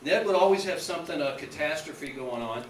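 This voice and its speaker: A man rambling through a nostalgic stand-up bit on a club stage, his speaking voice sitting high. The recording is roomy and distant. A faint background hiss runs under it. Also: lively intonation, a little fast. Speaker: radio host doing stand-up. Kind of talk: stand-up comedy.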